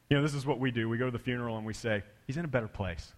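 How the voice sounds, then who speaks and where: A man preaching a sermon with big swings in loudness and pitch, dropping to a hush for quoted words. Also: steady tone, very fast, hardly any pauses, long reverb tail. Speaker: pastor.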